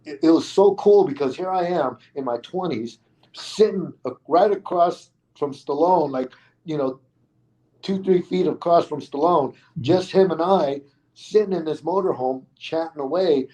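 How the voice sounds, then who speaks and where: A middle-aged man, a stuntman being interviewed, telling a story in a casual, animated way and acting out the other people's lines. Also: on the high side, unhurried, rough recording.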